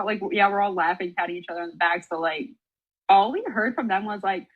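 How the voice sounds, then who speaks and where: A woman's voice: on the low side, a little fast, breathy edge, rough recording. A young woman, a former college soccer player, tells a story on a casual podcast, swearing freely and acting out the voices of others. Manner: animated, swearing, acts out quoted voices, frequent "like".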